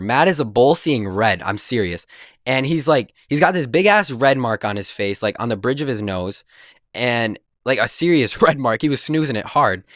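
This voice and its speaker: A young man spinning a story-time tale, full of slang, swearing and restarts. His voice sits at a middling pitch, recorded dry and close. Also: fairly bright tone, no room sound. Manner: rambling, slangy, profane. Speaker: vlogger.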